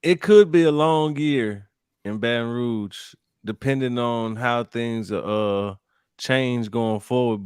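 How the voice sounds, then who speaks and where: Man, lowish smooth voice, measured sports talk, dry sound. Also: no room sound. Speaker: guest or co-host. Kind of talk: casual sports chat.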